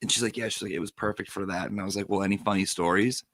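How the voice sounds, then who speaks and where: Gravelly-voiced man chatting on a livestream. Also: low voice, racing. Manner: animated storyteller, reads viewer comments aloud. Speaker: live stream host. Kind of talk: casual livestream chat.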